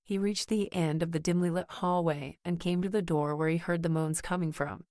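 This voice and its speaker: Low-voiced woman narrating a horror story. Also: steady tone, a little mellow, no room sound, clean studio sound. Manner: slow, measured storytelling.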